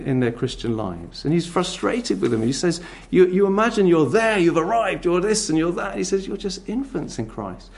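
A man preaching with a slightly high, gravelly voice. He talks to the congregation conversationally, asking rhetorical questions and slipping into playful voices. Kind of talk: sermon.

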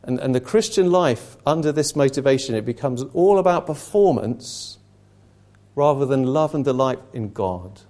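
A man's voice: mid-range voice, expressive, normal speed, darkish tone. Earnest man preaching a sermon. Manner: earnest, conversational, frequent restarts. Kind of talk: sermon to a small group.

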